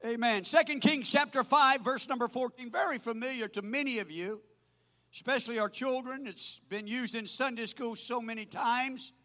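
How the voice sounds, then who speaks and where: An older man preaching a sermon as pastor, swinging from loud proclaiming to quiet asides. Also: extremely high pitch, normal speed. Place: church. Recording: hall reverb.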